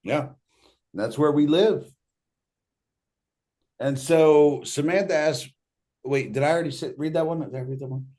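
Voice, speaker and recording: A man's voice: fairly high pitch, a little slow, pauses often, darkish tone. Joking man reading out viewer questions. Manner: loose, joking, reads questions aloud. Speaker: host reading audience questions. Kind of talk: casual livestream Q&A.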